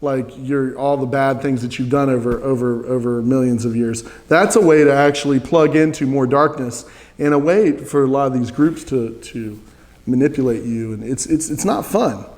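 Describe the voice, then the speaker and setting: A man's voice: medium pitch, normal speed, a little mellow, in a large hall. A man teaching a spiritual practice, earnest, leading listeners in repeated chants.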